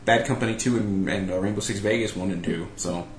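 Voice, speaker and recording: A man's voice: sits low, a little fast, reverberant, slight background noise. A man hosting a casual podcast, rambling and self-deprecating with lots of fillers. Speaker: podcast host.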